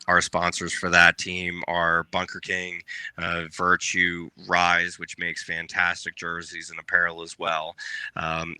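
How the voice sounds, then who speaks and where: A man chatting as a podcast guest, rambling with many fillers and shout-outs. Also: low voice, clean tone, dry recording. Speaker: podcast guest, paintball player. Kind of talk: casual podcast chat.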